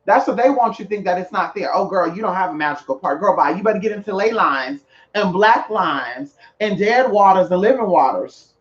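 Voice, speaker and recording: A man's voice: sits high, lively intonation, brisk, few pauses, fairly bright tone, highs cut off. A man chatting casually to viewers about spiritual practice, sassy and flamboyant, calling everyone girl and honey. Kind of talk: casual live chat.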